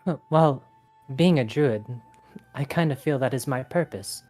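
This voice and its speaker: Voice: medium pitch, measured pace, a little mellow, faint music behind. A player in a tabletop role-playing game, talking casually with fillers and describing their character's actions.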